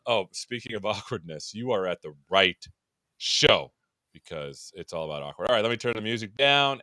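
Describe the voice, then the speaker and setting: A man's voice: fairly low pitch, lively intonation, normal speed, bright, forceful tone, no room sound. A man hosting a livestream tech show, chatting casually and joking at his own expense. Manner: joking, self-deprecating. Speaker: show host.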